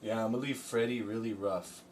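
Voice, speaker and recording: Far from the mic, with faint room noise around him, a man paints on a live stream and chats loosely. His low-leaning voice is steady and brisk as he jokes and rambles to his chat and to himself.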